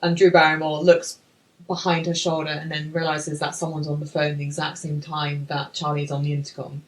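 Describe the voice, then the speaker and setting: A woman, co-hosting a film podcast in casual chat, ranting in an animated, sweary, exasperated way. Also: low-pitched, fairly quick, low-quality recording. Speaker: podcast co-host.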